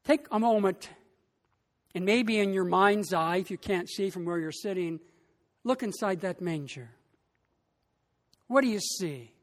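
A pastor preaching a sermon with a slow, deliberate delivery, rising in emphasis on key phrases. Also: medium pitch, big-room sound.

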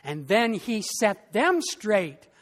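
A pastor preaching a sermon in a slow, emphatic way, with long pauses between phrases. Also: mid-range voice, big pitch swings, long reverb tail.

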